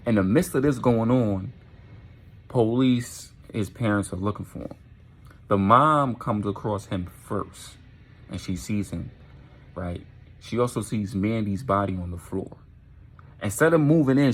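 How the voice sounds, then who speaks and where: Husky man telling a story. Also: fairly low pitch, normal speed. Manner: animated, profane, keeps asking "right?". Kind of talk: casual storytime narration.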